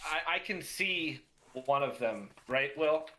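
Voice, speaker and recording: A man's voice: on the high side, lively intonation, slow, bright, forceful tone, a little hiss or hum. A man playing a tabletop game, stammering and sounding confused about the map. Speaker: player. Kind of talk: casual chat at a tabletop game.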